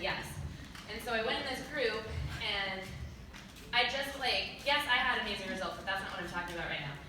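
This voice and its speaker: A woman introducing a trainer on stage at a large event, talking fast and gushing, with many fillers. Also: mid-range voice, very echoey, distant mic, very noisy. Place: large event hall with audience.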